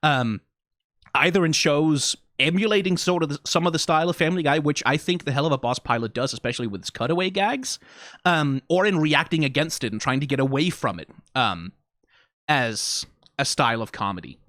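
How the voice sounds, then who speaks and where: A young man rambles through casual commentary as a video reviewer, stopping and restarting his sentences. His voice sits a little high. The sound is dry and close to the mic. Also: expressive, a little fast, fairly bright tone, dry recording.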